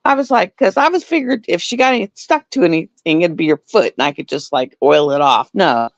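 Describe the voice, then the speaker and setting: A middle-aged woman, hosting a livestream and telling stories in a casual, animated way. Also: lowish voice, brisk, no room sound. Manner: animated storytelling with laughs. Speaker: livestream host. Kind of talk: casual chat. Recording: dull lo-fi dry sound.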